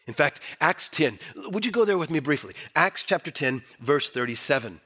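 A male pastor preaching a sermon, swinging from emphatic declarations to hushed, low asides. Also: animated, moderate pace, husky.

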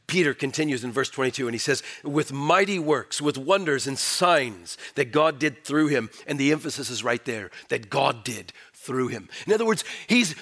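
A male pastor preaching a sermon, swinging from emphatic declarations to hushed, low asides. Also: expressive, normal speed, hardly any pauses.

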